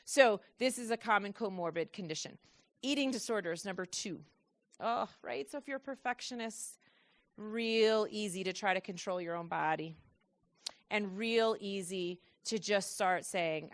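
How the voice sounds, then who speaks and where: A woman giving a lively presentation to a room of parents, asking the audience questions and acting out children's thoughts in quoted voices. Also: mid-range voice, normal speed.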